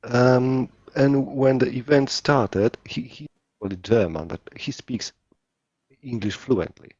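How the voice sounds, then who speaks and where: A man in casual chat, telling a story in halting speech while searching for words. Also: medium pitch, darkish tone, breathy edge, no echo, dull audio.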